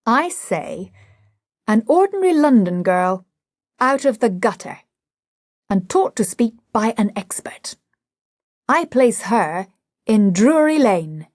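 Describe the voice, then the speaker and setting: A woman's voice: on the high side, very animated, takes it slowly, pauses often, a little mellow, dry recording, clean studio sound, heavily acted. A woman reading an audiobook, voicing a gloomy, contemptuous male professor who replies curtly and morosely.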